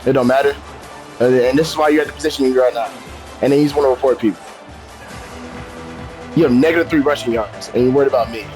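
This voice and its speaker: A man's voice: medium pitch, fast talker, pauses often, a little mellow, soft background music. A young man casually trash-talking an opponent while playing a game, brash and profane, repeating his taunts. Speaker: gamer.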